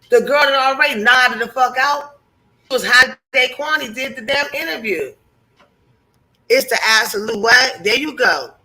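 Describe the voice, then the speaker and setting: Her voice is a little high, pushed and bright, heard through a rough recording. As a livestream host, she rants bluntly and heatedly to her chat, swearing freely and preaching at them.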